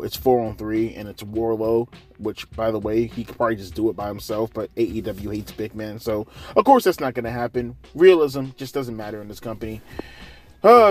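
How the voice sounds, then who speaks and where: A man ranting sarcastically through a wrestling show recap, exasperated and swearing heavily. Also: mid-range voice. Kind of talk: profane ranting review.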